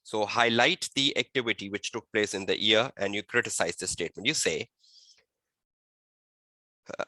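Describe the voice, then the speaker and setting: A man tutoring an online exam-prep webinar, firing repeated rhetorical questions at students and dictating model answers slowly. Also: on the low side, bright, forceful tone, no room sound. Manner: slow, deliberate dictation of answer phrasing.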